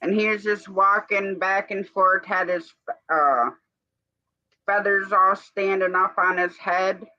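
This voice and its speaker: A man in a casual chat, talking slowly and laid back with mild slang. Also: high-pitched, steady tone, sharp tone, no room sound, lo-fi sound.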